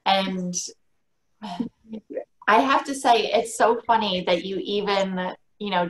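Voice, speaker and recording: A woman's voice: mid-range voice, slow pace, long pauses. A woman hosting a casual interview, affirming and encouraging her guest. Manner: warm affirming, frequent encouraging responses. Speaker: podcast host. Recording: echoey room with faint noise.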